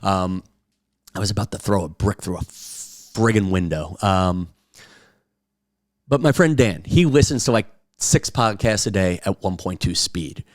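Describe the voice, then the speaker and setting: A man's voice: low voice, unhurried, no room sound, clean studio sound. A man from Long Island hosting a casual comic podcast monologue from his home kitchen, rambling with lots of fillers. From Long Island, New York. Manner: rambling, with frequent "uh" fillers and restarts. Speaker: podcast host. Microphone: camera recording at a desk.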